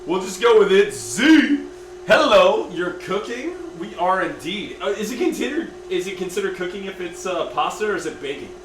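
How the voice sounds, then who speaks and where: A man's voice: high voice, expressive, moderate pace, fairly bright tone, a little hiss or hum. A man hosting a live cooking stream in his kitchen, chatting casually and reading out viewer comments. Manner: chatty, reads out viewer comments, lots of fillers. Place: home kitchen. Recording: echoey room, mic at a distance.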